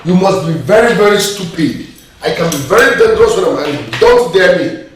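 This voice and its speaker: A man's voice: high voice, very animated, a little fast. An actor with a Nigerian accent playing an angry, threatening king in a film. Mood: furious. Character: furious proud king, quick to threaten. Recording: echoey room, faint noise.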